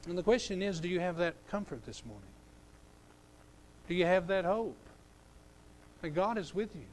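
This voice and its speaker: High-pitched guy preaching, gets loud then drops real quiet and slow, acts out bible scenes low. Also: animated, slight background noise. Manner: preaching with swings from loud emphasis to hushed, drawn-out phrases; acts out scripture dialogue in a lowered, quiet voice. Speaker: pastor. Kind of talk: sermon.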